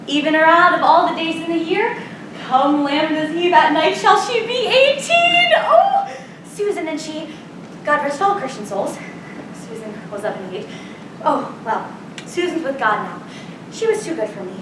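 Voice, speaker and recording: A woman's voice: high-pitched, lively intonation, a little slow, fairly bright tone, recorded from a distance, slight background noise. A woman playing a bawdy, chattering old nurse who rambles and giggles, acting live on a theater stage. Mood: chatty. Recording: roomy stage sound from afar.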